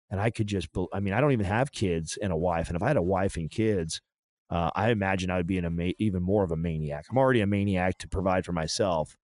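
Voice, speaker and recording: A man talking through a painful personal story in a halting, emotional way, often restarting his sentences. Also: low voice, darkish tone. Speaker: podcast guest.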